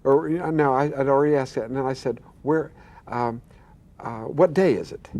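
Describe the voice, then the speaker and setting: An older man, a pastor appearing as a guest, earnestly shares a personal testimony of his own healing. His mid-range voice has a darkish tone and a moderate pace, and he acts out the voices he quotes, stammering now and then.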